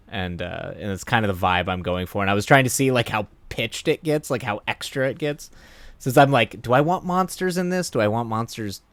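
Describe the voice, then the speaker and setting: A man with a fairly low voice chats loosely with his stream viewers, rambling through fillers and breaking into laughs. The sound is dry and close, with no room echo. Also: a bit bright. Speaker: livestream host. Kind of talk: casual chat reading viewer comments.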